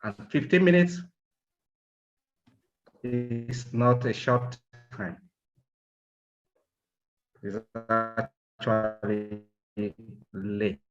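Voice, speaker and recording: A man gives the closing evaluation of a speaking club meeting in a firm, admonishing tone. He speaks slowly and deliberately. The recording sounds dull and lo-fi, like an online call. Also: on the low side, fairly even intonation, faint music behind.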